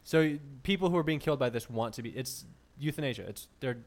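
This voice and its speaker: A young man jokes with friends in casual chat, dropping deadpan asides and laughing along. His voice sits at an ordinary middle pitch. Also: quick pace.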